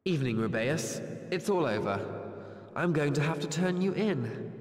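A man voicing a cold, calm teenage wizard in a game, cool and composed, heard from a distance. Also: on the high side, moderate pace, roomy sound, big-room sound, close to an everyday voice.

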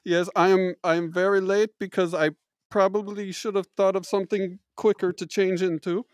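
A man's voice: high-pitched, no echo, clean studio sound, lightly acted. A man putting on a fake German professor. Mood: mock pompous. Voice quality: clumsy mock German accent that slips. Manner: deadpan, halting, pompous broken English. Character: goofy self-proclaimed German expert professor, male. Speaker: show host in disguise.

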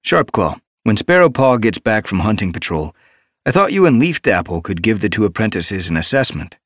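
A man's voice: fairly low pitch, sing-song, moderate pace, fairly bright tone, dry recording, studio quality, pitched above the performer's own voice. Firestar, a man voicing an earnest cat leader. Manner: earnest, encouraging, decisive. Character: male cat clan leader, earnest and decisive. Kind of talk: audiobook character voice.

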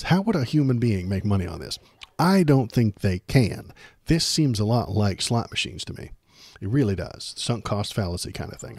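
A man's voice: on the low side, darkish tone, slightly rough, no echo. A man hosting a live stream of casual political commentary. He rants in a sarcastic, exasperated way and repeats phrases for emphasis. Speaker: streamer host.

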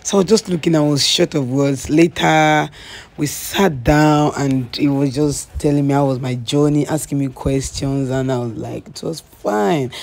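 A woman's voice: low voice, moderate pace, vocal fry, a little mellow. A young Nigerian woman doing a casual vlog voice-over, telling a story with shy giggles and slipping into pidgin. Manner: giggly, breathless, mixes in pidgin. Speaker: vlogger.

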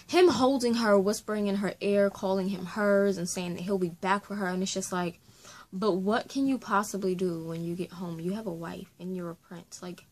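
A woman hosting a casual reading vlog, talking in an animated, exclamatory way with lots of slang. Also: medium pitch. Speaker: book vlogger.

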